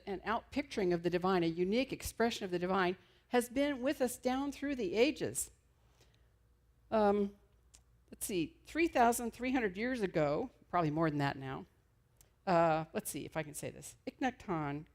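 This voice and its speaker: A woman's voice: medium pitch, darkish tone. A middle-aged woman minister giving an enthusiastic, conversational sermon.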